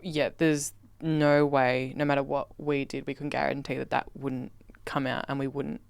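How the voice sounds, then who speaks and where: A woman co-hosting a podcast, soft-spoken and thoughtful, mostly agreeing in casual chat. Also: rumbling low, flat delivery, normal speed, gravelly, clear, resonant tone. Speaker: podcast co-host.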